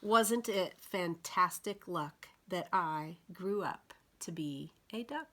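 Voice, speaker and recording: A woman librarian reading picture books aloud to young children, gentle and expressive. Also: fairly low pitch, takes it slowly. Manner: gentle, expressive storyteller for toddlers.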